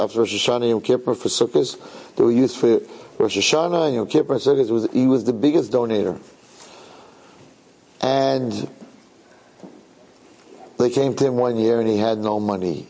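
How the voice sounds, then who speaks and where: A man gives a sermon as a story told in a loose, conversational style. His voice is husky and sits at a middle pitch. He repeats phrases and checks in with his listeners. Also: mellow, low-quality recording. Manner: conversational, repeats himself, asks listeners questions.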